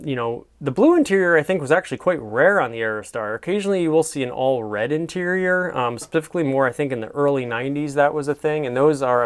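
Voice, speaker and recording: A man's voice: medium pitch, smooth. A man hosting a casual show where he comments on classified ads, talking in an admiring, rambling way with many fillers. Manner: soft-spoken sleep-friendly delivery. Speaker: host.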